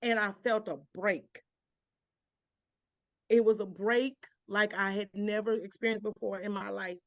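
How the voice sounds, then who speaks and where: Woman telling her story on an interview, passionate, keeps repeating herself and going up in pitch, dry close mic. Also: fairly even intonation, measured pace, no echo, lo-fi sound. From Georgia, US. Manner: impassioned, repeats phrases, voice climbs when stirred. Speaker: interview guest, author and minister. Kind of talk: emotional personal testimony.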